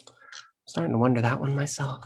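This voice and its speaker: A man's voice: medium pitch, steady tone, fairly quick, gravelly, darkish tone, a little hiss or hum, natural voice. A man in a one-man stage monologue streamed online, playing a sassy, vain, profane trapped insect who talks straight to the audience. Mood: wistful. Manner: sassy, brash, addresses the audience directly.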